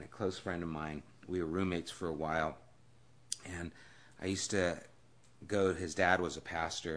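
A pastor leads a Bible study in the form of a conversational sermon, weaving in stories. His voice moves from hushed and low to loud and emphatic.

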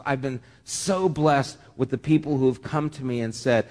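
A man's voice: mid-range voice, normal speed, few pauses, a little mellow. A man preaching as pastor, earnest and heartfelt, often stammering and repeating words. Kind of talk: sermon. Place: church sanctuary. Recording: long reverb of a church hall.

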